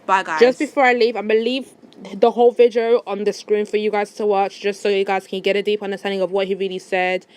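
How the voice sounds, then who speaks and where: A woman's voice: mid-range voice, flat delivery, fast talker, a little mellow, smooth. A woman vlogger giving her opinionated commentary straight to her viewers. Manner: opinionated, addresses viewers directly. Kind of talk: casual commentary.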